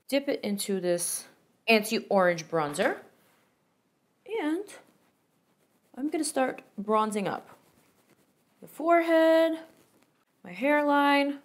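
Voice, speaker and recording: This high-pitched young woman runs a beauty vlog, chatting eagerly as she demonstrates her makeup and reviews products. Her asides are playful.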